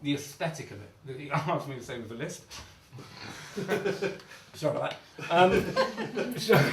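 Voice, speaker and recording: A man's voice: fairly high pitch, very animated, takes it slowly, pauses often, background noise. A middle-aged man with a Sheffield accent, performing close-up magic for a live audience, self-mocking, chatty, laughing often. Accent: Sheffield English. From England. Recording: echoey room, mic from a distance. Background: audience laughter and clapping.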